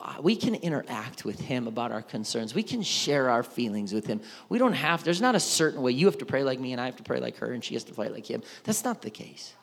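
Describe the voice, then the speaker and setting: A man preaching a sermon, telling the story with animated voices for each side of the dialogue. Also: mid-range voice, vocal fry. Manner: animated storytelling, acting out both sides of the dialogue. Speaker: pastor. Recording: long hall reverb.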